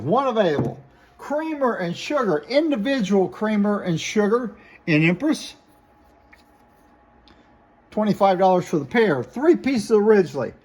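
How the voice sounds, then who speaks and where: High-voiced man listing glassware prices. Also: a little mellow, breathy edge. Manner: plain, matter-of-fact listing of items and prices. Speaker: glass seller. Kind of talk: product showcase sales talk.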